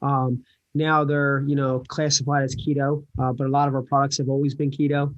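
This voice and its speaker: A man with a New Jersey accent, a company founder answering interview questions in an earnest, measured way. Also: medium pitch, level tone, dull audio. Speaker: podcast guest, company founder. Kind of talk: casual interview.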